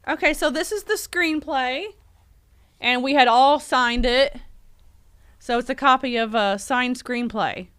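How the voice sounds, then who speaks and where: A woman hosting a casual unboxing livestream, excited and laughing often. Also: high voice, measured pace, clean tone, no room sound, clean studio sound. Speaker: livestream host.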